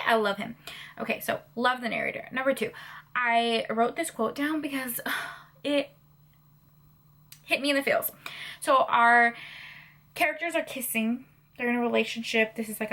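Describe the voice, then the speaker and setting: A woman's voice: fairly high pitch, a bit bright. A woman in her twenties chatting in a reading vlog, bubbly and gushing, with lots of fillers. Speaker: book vlogger.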